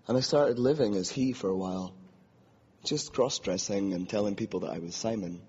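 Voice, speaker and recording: Husky guy preaching at a podium, earnest personal testimony, long hall echo, dull muffled sound. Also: on the low side, normal speed, a little mellow. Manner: earnest and reflective, acts out inner voices.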